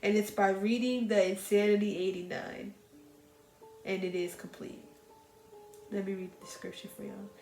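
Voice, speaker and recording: Chatty woman, echoey room. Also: medium pitch. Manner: chatty and animated, addresses viewers as "y'all". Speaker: book reviewer. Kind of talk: casual book recommendation chat. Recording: echoey room with faint music.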